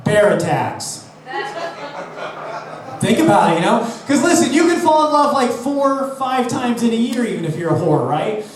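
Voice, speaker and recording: Brash high-voiced comedian in an echoey club. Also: male voice, very animated, a little fast, crowd noise. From Los Angeles, USA. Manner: brash, profane, self-mocking punchlines. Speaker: stand-up comedian. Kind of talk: stand-up comedy set. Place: live comedy venue with audience. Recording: echoey room, distant mic, audience laughter.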